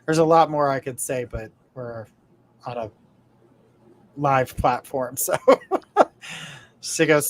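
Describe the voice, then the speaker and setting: A man's voice: medium pitch, slow, pauses often. A man hosting a live psychic show, relaying messages from spirits in an earnest, reassuring way. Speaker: psychic medium host.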